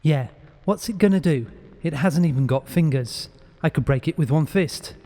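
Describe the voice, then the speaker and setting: A man's voice: on the high side, normal speed, warm tone, long reverb tail, lightly acted. A man voicing a boastful, swaggering teenage boy in a horror audiobook. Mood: cocky.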